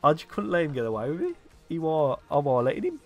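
Excitable man commentating gameplay. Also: on the high side, fast, faint music behind. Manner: excitable, swings between muttering and loud outbursts. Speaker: gaming YouTuber.

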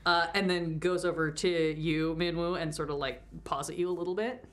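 A woman's voice: lowish voice, normal speed. Laughing woman game master. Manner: lively, laughing narration. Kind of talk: narrating a tabletop game.

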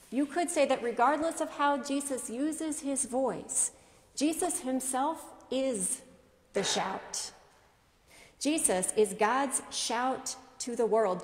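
A woman pastor preaches a sermon in a measured, deliberate way, often asking rhetorical questions. Her voice sits a little high and moves unhurriedly. The sound carries a long reverb from an echoey church.

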